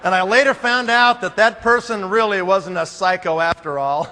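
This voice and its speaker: Man, conference speaker, comic storytelling, very high voice, long hall reverb, faint background noise. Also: normal speed. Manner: animated, acts out scenes with sound effects.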